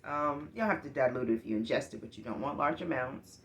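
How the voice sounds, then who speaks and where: A woman's voice: very deep voice, fast talker, a little hiss or hum. A woman talking to her viewers in a casual monologue, giving earnest, encouraging advice in a rambling way with many fillers. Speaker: vlogger giving life advice.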